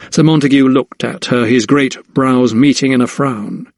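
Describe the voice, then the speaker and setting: A man narrating an audiobook in measured storytelling, his voice at a middle pitch. The sound is dry and close, with no room around it. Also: steady tone, dry recording. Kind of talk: scripted narration.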